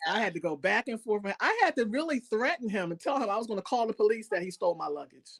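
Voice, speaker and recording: A woman chef as an interview guest, telling stories in a lively, animated way and laughing often. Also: medium pitch, fast, vocal fry, breathy edge. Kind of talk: casual interview storytelling.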